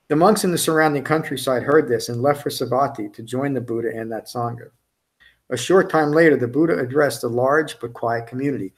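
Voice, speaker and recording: A man with a higher, slightly fast voice and some vocal fry leads a dharma talk for retreat participants. The tone is conversational, with frequent tag questions and sentences he breaks off and reworks.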